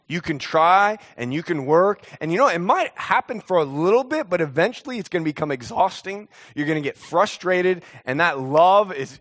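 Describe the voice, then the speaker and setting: A man in his thirties preaching a sermon from the pulpit. He speaks earnestly, hammering ideas home with repeated phrases and slow, deliberate pauses. His voice sits a little on the high side. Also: a bit bright. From United States. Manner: earnest, building to emphatic repetitions, with drawn-out pauses. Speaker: pastor.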